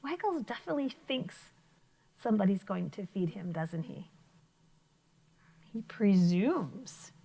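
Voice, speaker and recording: An elementary school teacher gives a vocabulary lesson to young children, encouraging them with questions and praise. Her mid-range voice is very animated yet unhurried, creaky and mellow, with long pauses.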